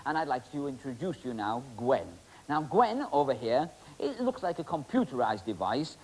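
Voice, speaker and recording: A man's voice: lowish voice, a little mellow, slight background noise, poor audio. A man working as a stage magician, bantering in a joking, rambling way with volunteers on stage. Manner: joking, rambling, teasing, full of ums. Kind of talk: comic stage patter with volunteers.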